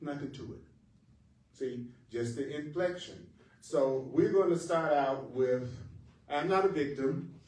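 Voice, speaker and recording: A man's voice: fairly high pitch, measured pace, a little mellow. A man teaching spiritual lessons in a reflective manner, leaning on emphasis and stressing words to show their meaning. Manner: reflective, plays with emphasis, bursts into song. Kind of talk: spiritual talk with singing. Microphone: live-stream mic at a distance. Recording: echoey room, distant mic, faint music.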